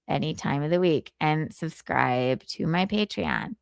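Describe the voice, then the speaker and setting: A woman's voice: sits low, animated, a little slow, gravelly, few pauses, smooth, no echo, studio quality. A woman hosting a casual livestream, giggling and teasing as she chats. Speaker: livestream host.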